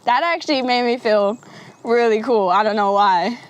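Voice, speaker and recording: A woman's voice: on the high side, moderate pace. A young woman vlogging straight to camera, talking candidly and rambling, swearing freely and laughing often. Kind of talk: candid casual talk to camera.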